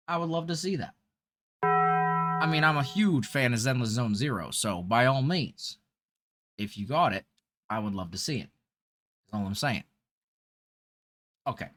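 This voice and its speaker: A man's voice: medium pitch, sharp tone. A man livestreaming a game, chatting with viewers and thanking them while putting on a celebrity impression accent. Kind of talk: casual livestream chat while gaming.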